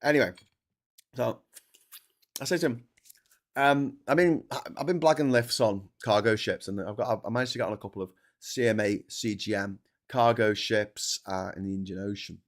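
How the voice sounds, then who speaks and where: A man's voice: lowish voice, steady tone, normal speed. Chatty man telling travel stories. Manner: chatty storyteller, digressive, stops to chat while eating. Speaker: livestream host. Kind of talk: rambling travel anecdote on a livestream.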